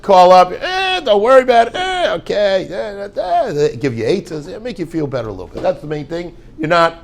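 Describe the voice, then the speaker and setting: A man, a rabbi heading a yeshiva, giving an informal talk with rambling jokes and Yiddish words. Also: mid-range voice.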